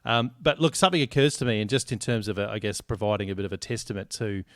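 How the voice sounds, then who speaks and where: A man's voice: on the low side, fairly even intonation, fast, no echo, studio quality. Blunt, joking man on a podcast. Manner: blunt, joking, swears freely. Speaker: podcast co-host. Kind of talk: casual sports podcast chat.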